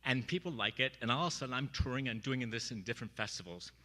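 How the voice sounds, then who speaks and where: A middle-aged man speaking at a memorial, telling personal stories in an animated way and acting out the voices he quotes. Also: medium pitch, fast, in a large hall. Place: church sanctuary.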